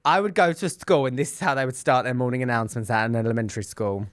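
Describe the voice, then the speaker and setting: A male teacher co-hosting a podcast, telling classroom stories in casual chat. He is animated and slips into little acted quotes, with a voice of middle pitch. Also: quick pace, no echo, clean studio sound. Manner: animated storyteller, acts out quotes.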